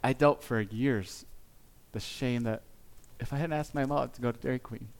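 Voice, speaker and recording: Earnest man preaching a sermon. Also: mid-range voice. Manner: earnest, confessional, with pauses and restarts. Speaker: pastor.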